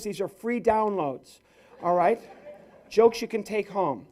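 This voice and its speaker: Pitched high, a male ventriloquist-comedian entertains a corporate crowd live on stage. He mixes crowd work with stories, keeping the delivery lively and playful.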